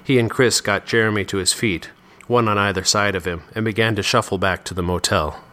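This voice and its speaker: A man narrating a serialized story with steady, expressive storytelling. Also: fairly low pitch, fairly quick.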